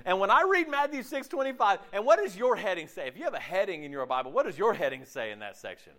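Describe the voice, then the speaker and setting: Preaching in a chatty, animated style, this pastor speaks with a high-sitting voice at a quick pace. He frequently checks in with an "okay?" and dramatizes his own thoughts by switching voices.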